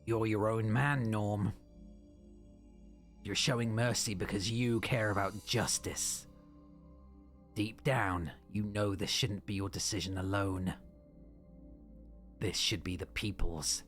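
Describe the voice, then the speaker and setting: A woman voicing a mischievous game protagonist in a low, calm, persuasive way. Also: takes it slowly, long pauses, faint music behind. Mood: earnest.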